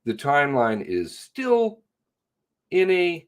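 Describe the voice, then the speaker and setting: A man's voice: mid-range voice, sing-song, measured pace, husky. A man reading news reports aloud and breaking in with sarcastic comments. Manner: sarcastic asides.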